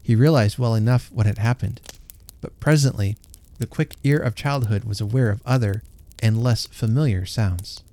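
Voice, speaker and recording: Gentle man reading a story aloud. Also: fairly low pitch, moderate pace.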